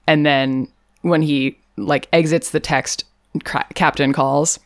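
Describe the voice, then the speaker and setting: Woman with a really low voice, casual jokey podcast chat, super dry sound. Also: fairly even intonation, slow, dry recording. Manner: chatty, jokey, laughs often, many fillers. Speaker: podcast co-host. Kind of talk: casual chat recapping a TV episode.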